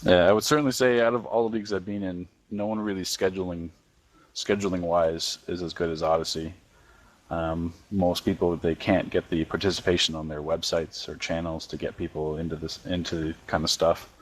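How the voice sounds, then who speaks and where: A man with a very low voice talks as a guest on a casual gaming podcast. He rambles, restarting sentences and filling gaps with ums and likes. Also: steady tone, moderate pace. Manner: rambling, with many fillers and restarts.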